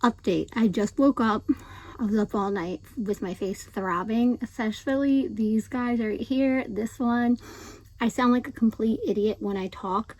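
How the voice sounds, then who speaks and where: In this low-quality recording, the same young vlogger talks in an unhurried, steady way, her fairly high voice darkish in tone. She keeps up her casual diary chat with frequent ums and likes, and her S sounds stay airy and slightly lisped.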